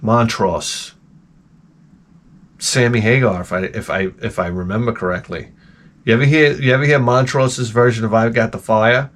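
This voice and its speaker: A man's voice: mid-range voice, steady tone, normal speed. A man telling rambling, profane stories as a channel host and acting out his own reactions. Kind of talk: rambling casual monologue.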